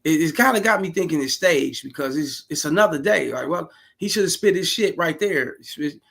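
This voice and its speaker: A man talks through a clip in loose, crude reaction commentary. His voice sits a touch high and carries a gravelly, husky edge, and he lays out his blunt advice straight to the fellas. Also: animated, a little fast, a bit bright.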